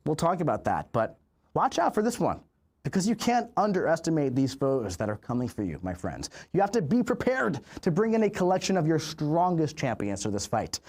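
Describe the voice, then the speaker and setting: A hyped man in his thirties hosts a game livestream, talking in a fairly high voice. He stretches words for emphasis and keeps up a chatty, upbeat flow. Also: huge pitch swings, fairly quick, a little mellow. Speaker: livestream host. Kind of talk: energetic official stream hosting.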